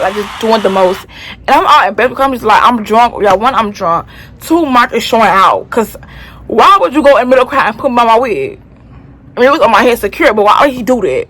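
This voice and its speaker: A woman's voice: a little high, lively intonation, fast talker, a bit bright, rough recording. A young woman from Florida telling a personal story in a casual storytime vlog, chatty and slangy, often turning to her viewers. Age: young adult. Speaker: vlogger.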